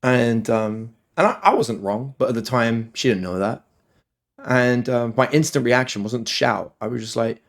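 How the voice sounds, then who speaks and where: A man's voice: medium pitch, fairly quick, creaky. A man telling rambling personal stories as a podcast guest, often swearing and quoting himself. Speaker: podcast guest, dating coach. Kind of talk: casual storytelling in conversation.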